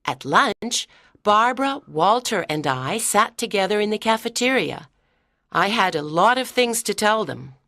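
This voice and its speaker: A woman reading a story aloud slowly and clearly for English learners. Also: medium pitch, very animated, a bit bright, dry recording, clean studio sound. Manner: clear, careful delivery. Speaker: story narrator.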